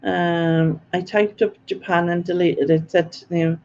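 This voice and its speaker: A woman's voice: fairly low pitch, fairly even intonation, a little slow, a little mellow, highs cut off, slight background noise. A woman hosting a live quiz stream, chatty and self-mocking, laughing often as she reads out viewer comments. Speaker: quiz host.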